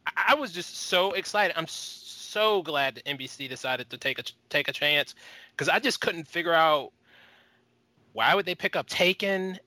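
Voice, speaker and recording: Bright-voiced man chatting excitedly. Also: fairly high pitch, no echo. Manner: excited, halting speech with restarts. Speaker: podcast co-host. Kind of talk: casual podcast chat.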